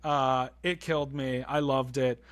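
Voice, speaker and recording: A young man co-hosting a film podcast, excitedly swearing and acting out movie lines in casual chat. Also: medium pitch, measured pace. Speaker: podcast co-host.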